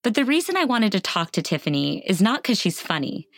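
A woman hosting a podcast, narrating in a measured, earnest way and interviewing her guest. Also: mid-range voice, sing-song, gravelly. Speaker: podcast host and cognitive scientist.

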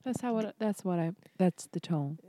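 Woman cohost arguing back, kinda low voice, swears, dry close sound. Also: lively intonation, normal speed, warm tone, no room sound. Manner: defensive, swears, laughs. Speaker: podcast co-host. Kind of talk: casual chat.

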